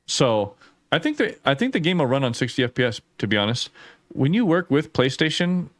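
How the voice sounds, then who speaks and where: A man hosting a casual gaming live stream, chatty and excitable, laughing often and reading chat messages aloud. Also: medium pitch, brisk, dry recording, studio quality. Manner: swears casually, lots of "like".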